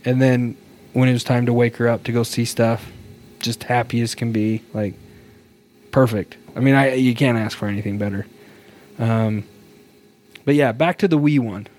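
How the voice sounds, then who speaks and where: An upbeat, talkative man chatting casually on a podcast, with a voice of average pitch for a man. He laughs easily and fills his speech with little pauses and fillers. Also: fairly even intonation, a little mellow. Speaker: podcast co-host.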